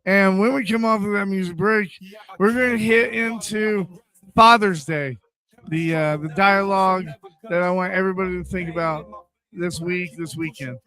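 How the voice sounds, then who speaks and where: A man hosting a radio show, chatting casually with animated, stammering restarts. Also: high voice, normal speed.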